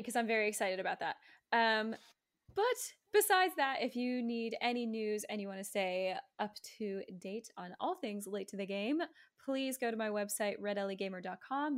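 A woman hosting a podcast in a casual chat, upbeat and enthusiastic, with many ums and some casual swearing. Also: on the high side. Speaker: podcast host.

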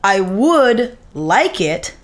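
Mid-pitched woman ranting casually. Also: very animated, drawn-out words. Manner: rambling, swears freely, defensive. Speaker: podcast co-host. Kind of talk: casual chat.

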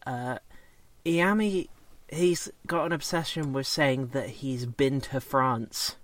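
A man talks slowly in a casual chat, stumbling through fillers and restarting his sentences. His voice sits at a middle pitch. The sound is dry and close, with no room echo. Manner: rambling, hesitant, many fillers and restarts.

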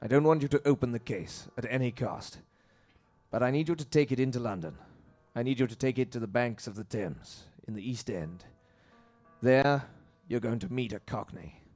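A man playing a dastardly criminal mastermind in an improvised comedy audio play, with dry, hesitant, deadpan delivery. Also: mid-range voice, moderate pace, faint music behind, lightly acted. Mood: scheming.

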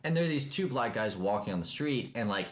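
A young man from Kentucky co-hosting a casual podcast, telling stories in a jokey, animated way. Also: on the low side. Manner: jokey, animated storytelling with quick voiced asides. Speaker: podcast co-host. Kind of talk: casual chat.

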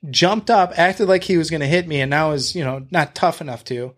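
A man's voice: a little high, a little fast, a bit bright. Blunt, profane man telling a story. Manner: blunt and profane, retelling a confrontation; talks to the host with fillers and restarts. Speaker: podcast guest. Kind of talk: casual storytelling.

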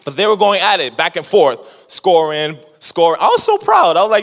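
A man preaching a sermon as a lively story, laughing often and acting out what people said. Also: sits high, moderate pace, hardly any pauses. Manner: animated, laughing storyteller who acts out quotes. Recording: long hall reverb.

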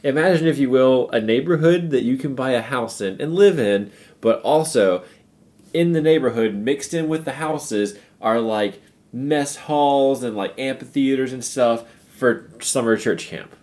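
A man's voice: medium pitch, a little slow, darkish tone. A man co-hosting a casual podcast, telling stories in a rambling way with many fillers and frequent laughter. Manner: rambling storyteller, lots of fillers, laughs often. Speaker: podcast co-host. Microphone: podcast recorder.

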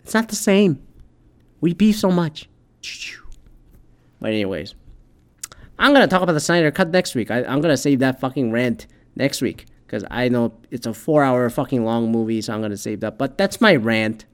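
A man hosting his own show, delivering a heated, profanity-laden opinion rant that swings between loud outbursts and quieter asides. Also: medium pitch, animated, normal speed, smooth. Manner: heated, swears constantly, shifts loud and soft. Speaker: podcast host.

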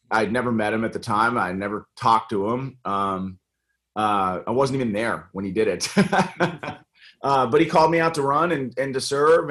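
Earnest American man with halting restarts. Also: medium pitch, a bit bright. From United States. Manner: earnest, many fillers and restarts. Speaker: congressional candidate and guest. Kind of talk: casual interview talk.

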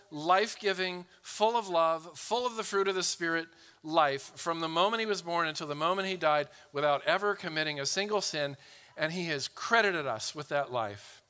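A man preaching a sermon as pastor, earnest, often repeating a word as he starts a phrase and slowing right down to read scripture. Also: sits high, bright, forceful tone.

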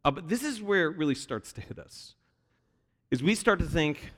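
Animated male pastor preaching in a hall. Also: fairly high pitch, fairly quick. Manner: animated storyteller, acts out quoted voices. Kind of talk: sermon. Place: church sanctuary. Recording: long reverb of a large hall.

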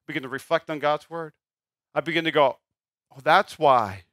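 A man preaching a sermon as pastor, emphatic, swinging between loud declarations and quiet asides. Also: a little high, no room sound, clean studio sound.

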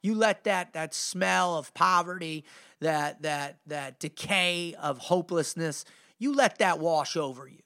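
A middle-aged man with a high, forceful voice tells his own story in a podcast. His talk is intense and emphatic. He sounds fired up and keeps it loose with casual asides. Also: unhurried. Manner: energetic, informal, peppers speech with "man" and "you know". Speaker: podcast host and motivational speaker. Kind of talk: motivational storytelling.

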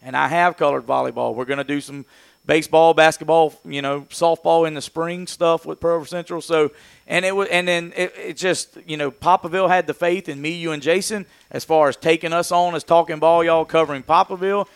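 Folksy man with gravelly voice. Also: fairly high pitch, fairly even intonation, brisk, no echo. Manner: folksy, rambling, laughs easily. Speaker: sports broadcaster. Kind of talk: casual radio talk.

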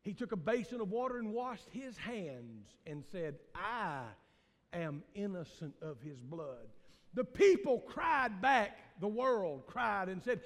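A man with a Southern US accent, a pastor preaching a sermon in a church, swinging from loud shouts to hushed low tones. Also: big pitch swings, slow pace, big-room sound. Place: church sanctuary.

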